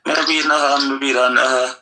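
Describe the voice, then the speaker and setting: A man's voice: medium pitch, little pitch movement, fairly quick, bright, forceful tone, rough recording. Brash man hurling insults. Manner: insulting, repetitive. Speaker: livestream host. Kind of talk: heated livestream banter.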